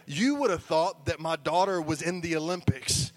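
A man preaching a sermon to a congregation, telling a story with animation and building to near-shouting at its peaks. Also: fairly high pitch, animated, normal speed. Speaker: pastor. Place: church service before a congregation.

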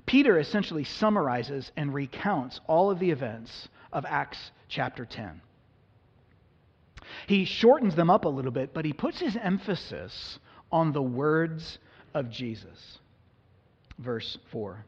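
A man's voice: mid-range voice, animated, moderate pace, slightly rough. A man preaching a sermon in a church, reading scripture and explaining it in an earnest, conversational way. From United States. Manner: earnest, conversational, acts out the people in the passage. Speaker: pastor. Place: church sanctuary. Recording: long hall reverb, dull lo-fi sound.

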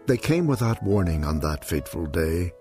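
Deep-voiced guy reading a rhyming kids story, sing-songy, quiet music behind. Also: big pitch swings. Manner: measured, sing-song verse.

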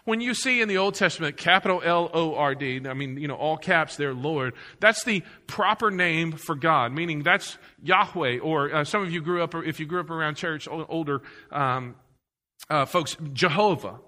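A man preaching from the pulpit with a high, piercing, very bright voice. He drives his points home by repeating them and throws questions out to the congregation. His voice carries a long reverb tail through the church hall. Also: moderate pace. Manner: repetitive, emphatic preaching with rhetorical questions to the congregation. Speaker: pastor. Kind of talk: sermon.

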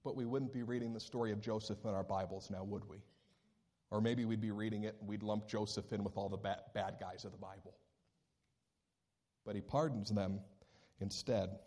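A man preaches a sermon, throwing out rhetorical questions in a climbing, emphatic voice. He slows right down when he reads scripture aloud. His pitch sits in an ordinary middle range for a man. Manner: animated, rising to high emphatic questions. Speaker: pastor.

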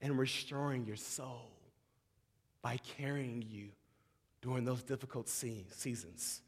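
A man preaching a sermon, moving between shouting excitement and hushed, tender tones and often calling the audience "y'all". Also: mid-range voice, a little slow, husky. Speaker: pastor. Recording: long hall reverb.

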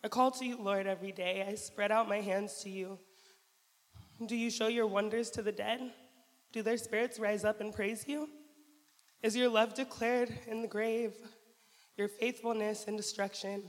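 A woman's voice: medium pitch, fairly even intonation, normal speed. A woman reading a psalm aloud with an earnest, pleading delivery. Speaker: volunteer reader. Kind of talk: dramatic scripture reading. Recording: reverberant hall.

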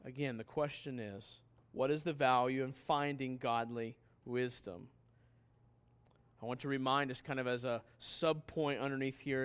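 A man's voice: a little high, normal speed, a bit bright, clear, resonant tone. A man preaching a sermon as pastor, emphatic and putting questions straight to his listeners.

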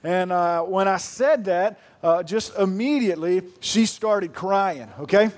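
High-voiced joking pastor in his thirties. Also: a little slow. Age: 30s. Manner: folksy, joking storyteller. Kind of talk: sermon.

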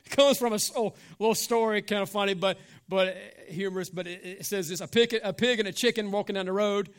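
A man preaching a sermon as pastor, animated, with call-and-response asides and casual joking. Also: high-pitched, a little fast, smooth.

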